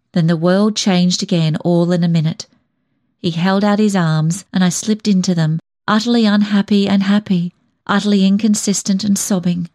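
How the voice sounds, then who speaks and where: Woman reading a story, lowish voice. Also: moderate pace, no echo, studio quality. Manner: reflective, gentle. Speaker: audiobook reader. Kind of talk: audiobook narration.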